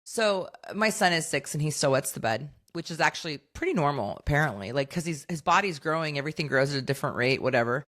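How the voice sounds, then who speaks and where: A woman's voice: sits low, animated, fast talker, few pauses, a bit bright. A woman in her thirties co-hosting a podcast, telling rambling stories in a casual chat and laughing often. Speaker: podcast co-host.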